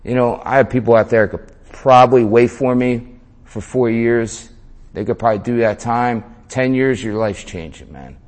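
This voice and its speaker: A man's voice: medium pitch, moderate pace, a little mellow. A man telling a story in an interview in a casual way, full of slang, swearing and "man". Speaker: interview guest.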